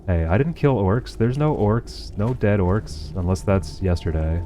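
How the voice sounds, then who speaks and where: Young male streamer, very low and mellow, swears freely, sarcastic asides to chat, faint room noise. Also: expressive, measured pace, hardly any pauses. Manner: profane, sarcastic running commentary to chat. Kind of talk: casual livestream gameplay chat.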